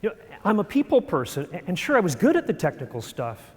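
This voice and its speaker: A middle-aged man giving a storytelling talk on stage, animated and self-deprecating. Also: high voice, fast talker. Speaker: speaker. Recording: long hall reverb.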